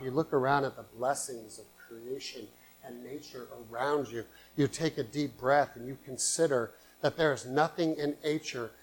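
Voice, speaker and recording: A man preaching a sermon in earnest, swinging between loud emphatic bursts and quiet asides. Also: mid-range voice, low-quality recording. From San Francisco Bay Area, USA. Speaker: pastor.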